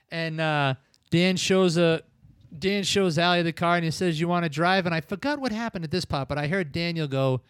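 A man's voice: fairly high pitch, moderate pace, pauses often, fairly bright tone, smooth, dry recording. A man casually recapping a film plot in a long, rambling retelling full of filler words. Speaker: film review podcast host.

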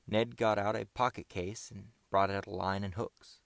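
Low, gravelly male audiobook narrator. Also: no echo. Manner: steady, measured reading.

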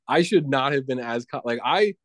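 A man's voice: medium pitch, expressive, moderate pace, noisy background. A young man in casual chat, rambling through a story and laughing often as he talks.

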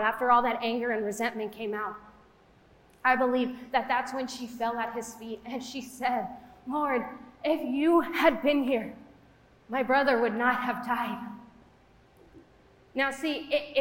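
A young woman delivers a casual, conversational sermon in a church hall, chatty and full of fillers. Her voice is on the high side and fairly bright, and the echoey hall adds long reverb.

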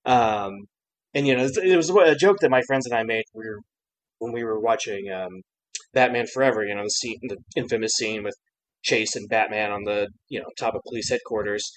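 A man's voice: fairly low pitch, fairly quick, rough recording. Chatty rambling man, laughing often. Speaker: podcast co-host. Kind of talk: casual chat about a cartoon episode.

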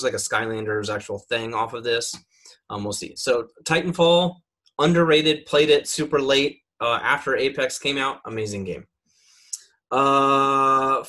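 A man's voice: mid-range voice, pushed and bright. A young man on a gaming podcast giving casual, rambling opinions with lots of fillers. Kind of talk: casual chat.

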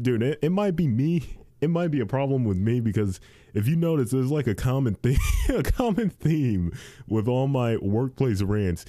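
A dealership tire warehouse worker rants casually to his viewers, cursing constantly and dropping "dude" at every turn. His voice is fairly low and dark in tone, with no echo.

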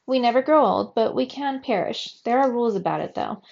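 A woman's voice: a little high, animated, fairly quick, gravelly, a little mellow, pitched above the performer's own voice. A woman reading aloud, voicing an eager and blunt teenage boy from a fairy-tale world, on a slightly muffled recording.

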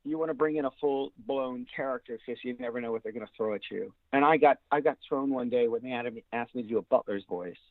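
A man's voice: medium pitch, no room sound. Man on a tinny phone line. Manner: rambling, slips into quick character voices. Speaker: voice actor guest. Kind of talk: casual interview chat.

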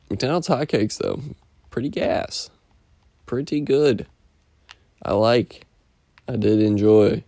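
A man's voice: fairly low pitch, slow, vocal fry, pauses often, warm tone, no echo. A man rambling through a casual, profane weekly update, telling stories and slipping into impressions. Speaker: podcast host.

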